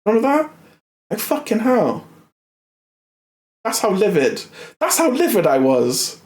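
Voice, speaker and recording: This young streamer's voice sits high and comes slowly, with long pauses and a reverberant sound. While playing a game, he rants casually and animatedly, swearing often, repeating himself and tripping over his words.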